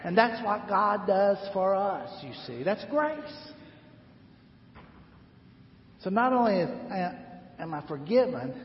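Older pastor preaching in an echoing hall. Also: male voice, high voice, very animated, unhurried. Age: 60s. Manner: call-and-response, leading the congregation in repeated phrases; storytelling with rising emphasis. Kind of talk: sermon. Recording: roomy hall reverb, slightly dull sound.

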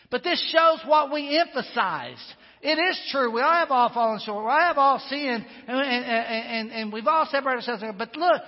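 High-voiced preaching man in a reverberant hall. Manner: earnest preaching, emphatic repetitions. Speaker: pastor. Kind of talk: sermon. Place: church sanctuary. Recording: dull sound with long hall reverb.

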